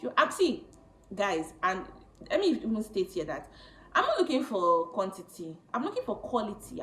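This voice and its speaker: A woman in her late twenties telling a personal story to camera, chatty and animated, often laughing. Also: mid-range voice, roomy sound, slight background noise, low-quality recording. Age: late 20s. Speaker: vlogger.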